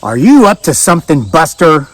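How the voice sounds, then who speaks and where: A man voicing an angry female protester in her fifties, who talks in a shrill, scornful way. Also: big pitch swings, normal speed, no echo. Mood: suspicious.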